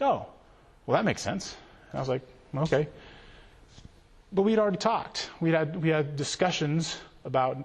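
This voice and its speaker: A man giving a conversational conference talk to ministry workers in a large hall, checking in with "okay?" and acting out quoted voices. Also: fairly high pitch. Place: large hall with a live audience. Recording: long reverb from a large hall.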